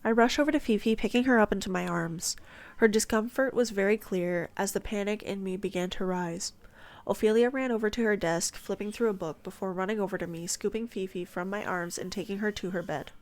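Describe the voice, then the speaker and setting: A woman narrating a first-person story for an audiobook. Her voice sits at a middle pitch and stays soft, at times sinking into a breathy whisper. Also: a little fast.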